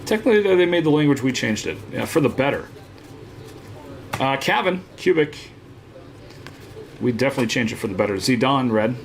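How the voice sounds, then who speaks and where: A man's voice: medium pitch, very animated, fairly quick, gravelly, pauses often, slight background noise. A man hosting a live card break, chatting casually and teasing viewers, with lots of "uh" fillers. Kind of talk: casual live-stream chat.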